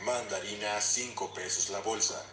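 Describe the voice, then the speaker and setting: A man voicing a loudspeaker street vendor hawking fruit in a booming announcer style. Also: fairly even intonation, fairly quick, over a noisy crowd, close to an everyday voice. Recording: echoey clip with loud music.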